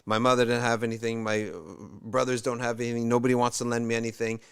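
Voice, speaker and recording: A desperate grown man begs God for help in a raised, pleading voice, close to tears, as a male storyteller puts him on. The lines come fast and urgent inside a spoken religious tale. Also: medium pitch, level tone, smooth, natural voice.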